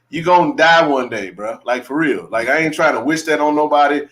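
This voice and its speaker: A man's voice: on the high side, fairly quick, hardly any pauses, sharp tone. A man hosting a casual live sports chat. He talks animatedly, repeats himself and laughs often. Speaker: podcast host.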